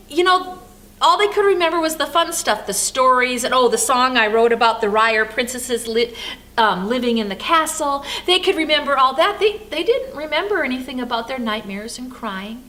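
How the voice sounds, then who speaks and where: This older woman pastor's voice is high-pitched and fairly fast as she tells a personal story in sermon form. She is animated at first and later grows soft and thoughtful.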